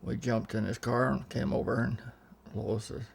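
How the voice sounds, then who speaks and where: In a casual interview, an older man shares meandering family stories at a normal speed, his medium-pitched voice fairly even in intonation with some vocal fry. He often starts sentences over and repeats others' words.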